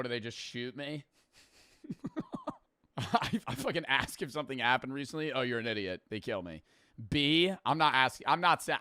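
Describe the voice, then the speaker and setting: A man's voice: mid-range voice, sharp tone, no echo, studio quality. A young man streaming, reacting with brash, profane, jokey commentary. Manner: brash, swears freely, jokey.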